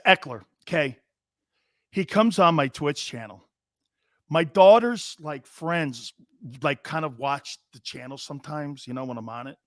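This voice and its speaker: Middle-aged man, sports talk host, rambling, profane, fairly high voice, dry close sound. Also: dry recording. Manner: rambling, animated, profane storytelling. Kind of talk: casual sports talk banter.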